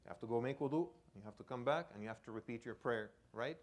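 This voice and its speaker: A male imam preaching a sermon and telling a personal story, swinging between loud outbursts and hushed, low lines. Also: fast.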